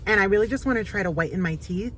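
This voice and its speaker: A woman talks casually through her day for a small business vlog. Her voice sits at a middling pitch, upbeat and rambling, with frequent fillers. A faint hiss runs under the recording. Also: very fast, low-quality recording. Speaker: small business owner vlogging.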